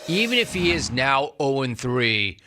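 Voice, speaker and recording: A man's voice: medium pitch, very animated, unhurried, pushed and bright, slight background noise. A middle-aged man hosting a sports talk show, delivering an emphatic, sarcastic monologue and repeating lines for punch. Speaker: sports radio host.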